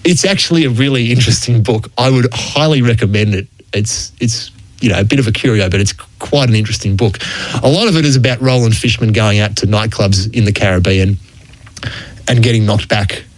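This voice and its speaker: A man's voice: lowish voice, brisk, dry recording, low-quality recording. Dry-voiced Australian man telling cricket stories. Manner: chatty, chuckles through the anecdotes. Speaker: radio cricket history segment presenter. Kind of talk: anecdotal storytelling on sports radio.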